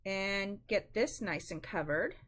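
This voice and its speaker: A woman's voice: medium pitch, animated, takes it slowly, fairly bright tone. A woman hosting a live-stream craft demonstration, chatty and instructive, often calling her viewers "guys.".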